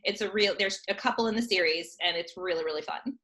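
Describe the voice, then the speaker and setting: A bright, chatty woman in her thirties talks about her children's theater work. Her voice stays clear and forward while she bounces through her points with frequent laughs. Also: medium pitch, fast talker. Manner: chatty and animated, laughing often. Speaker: children's theater company guest. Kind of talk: casual remote interview chat.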